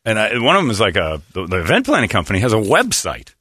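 Low-voiced rambling radio host. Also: male voice, wildly swooping pitch, fast, noisy background. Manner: rambling storyteller, laughs often, acts out quotes. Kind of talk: casual talk radio banter.

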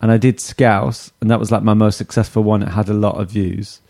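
A man's voice: on the low side, level tone, brisk, gravelly, dark tone. A man hosting a casual football podcast chat, jokey, laughing often and trailing off mid-sentence. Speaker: podcast host.

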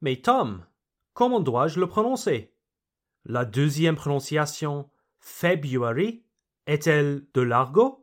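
A man voicing a puzzled French learner who asks a quick question. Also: on the high side, animated.

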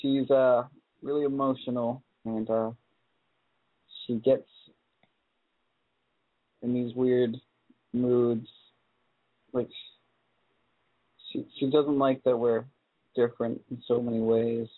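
An eighteen-year-old man calls in over a thin, phone-like line. He speaks slowly and haltingly, full of pauses and ums. His voice sits at a middling pitch and sounds dry. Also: flat delivery, no room sound. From California. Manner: hesitant, halting, many ums. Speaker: caller. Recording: tinny phone-line call.

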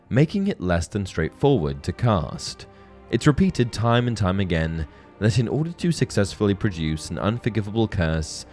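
Low-voiced man narrating a video essay. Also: darkish tone. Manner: earnest, analytical, reads book passages aloud. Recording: faint background music.

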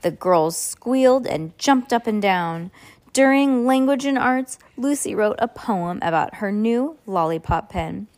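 A woman's voice: mid-range voice, animated, unhurried, a little mellow. A woman reading a storybook aloud to a child, with casual chatty asides. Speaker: reader.

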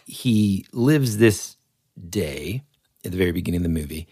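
A man's voice: deep voice, lively intonation, normal speed, warm tone, husky, no echo, studio quality. A man co-hosting a podcast, chatting casually about movies in a laid-back way. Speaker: podcast co-host.

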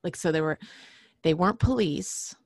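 Low, gravelly woman telling a story slowly. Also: dry recording, clean studio sound. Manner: halting, many fillers and restarts; frequently clears throat. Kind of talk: casual personal storytelling.

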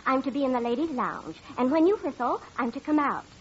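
A woman's voice: high voice, lively intonation, a little fast, slightly rough. An actress playing an amused, sly female accomplice, in 1940s radio style. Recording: dull old radio broadcast.

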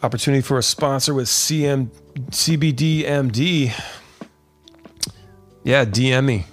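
A man's voice: medium pitch, a little slow, faint music behind. A man hosting his podcast stream in a laid-back, rambling chat, dropping fillers and calling listeners "dude". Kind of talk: casual live-stream chat.

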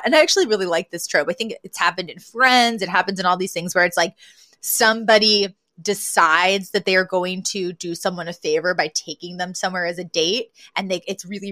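A woman chatting casually as a podcast co-host, recapping a sitcom episode with lots of laughter and quick impressions of the characters. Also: lowish voice, no room sound. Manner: animated, laughs often, acts out quotes in different voices.

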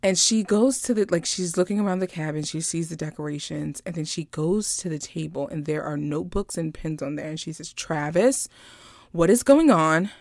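A woman casually recapping a movie, chatty and animated, drifting into personal stories. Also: deep voice, brisk, creaky, few pauses, dry recording, clean studio sound. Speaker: vlogger reviewing a movie.

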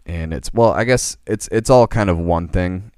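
Deep-voiced young man, rambling host. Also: normal speed, a little mellow, smooth, no room sound, clean studio sound. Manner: rambling, laughs often. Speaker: podcast co-host. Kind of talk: casual chat.

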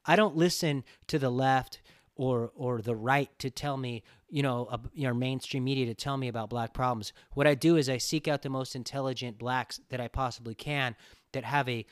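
A man's voice: mid-range voice, fairly even intonation, normal speed, no echo, studio quality. Blunt, profane podcast host man. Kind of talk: casual podcast chat.

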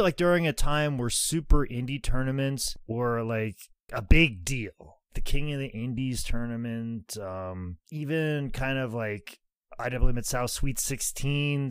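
Swearing, animated podcast guy. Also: mid-range voice, dry recording. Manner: swearing, animated, lots of fillers. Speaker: podcast co-host. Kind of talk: casual wrestling podcast chat.

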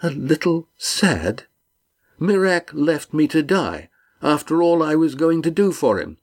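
A man's voice: on the high side, expressive, a little slow, pitched above the performer's own voice. A man reading the part of a scheming young sailor, now beaten, speaking in a pleading, miserable way. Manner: whiny, pleading.

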